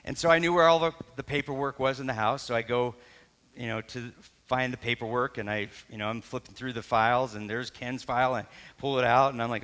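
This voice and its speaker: A middle-aged male pastor tells a story from the pulpit in a bright, forward voice. He talks loosely and conversationally, stopping to correct himself and acting out what people said. The sound carries a long reverb, as in a church hall. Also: medium pitch, normal speed. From Canada. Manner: conversational, self-correcting, animated retelling with acted quotes. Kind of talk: sermon with personal story.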